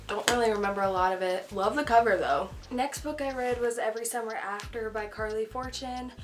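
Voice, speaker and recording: A woman chatting candidly as she reviews books she has read, with plenty of "um" and "like". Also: fairly high pitch. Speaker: book vlogger. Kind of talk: casual book review chat.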